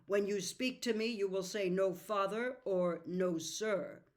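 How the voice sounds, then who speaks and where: A woman's voice: lowish voice, takes it slowly. A woman reading aloud, voicing a weary middle-aged father who speaks heavily and at times sternly. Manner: tired, heavy, sometimes commanding.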